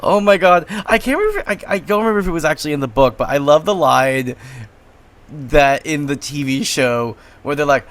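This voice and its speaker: Bright-voiced joking man from the American South. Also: high-pitched, moderate pace. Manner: joking, bursts into shouted chants and laughter. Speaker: podcast co-host. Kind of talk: casual book discussion chat.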